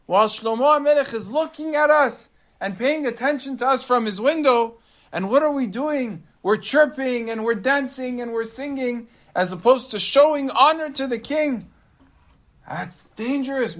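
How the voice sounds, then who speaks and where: A man's voice: very high-pitched, fairly bright tone, voice pushed up. A man doing a frightened little songbird. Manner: urgent, breathless warning. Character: anxious little songbird, fearful of the king.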